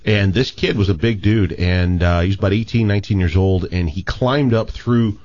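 Brief: low-pitched man, animated storyteller, dull lo-fi recording. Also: moderate pace. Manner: animated storyteller with many restarts. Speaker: co-host telling a story. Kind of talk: casual chat, storytelling.

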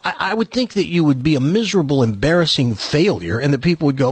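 A man's voice: fairly high pitch, big pitch swings, a little fast, few pauses, slightly rough, no room sound. A man co-hosting a radio show, chatting casually and animatedly, laughing easily. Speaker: radio co-host.

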